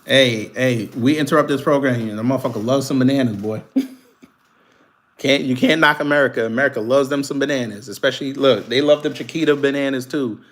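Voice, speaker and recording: This commentary channel host, a man with a mid-range voice, speaks a little fast as he reads a news article out loud during a live stream. He swears freely, laughs a lot, and trades animated comebacks with viewers in chat.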